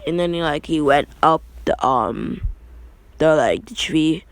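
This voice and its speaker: A man's voice: fairly high pitch, a little slow. A young man casually retelling an anime fan story, rambling with many fillers and restarts.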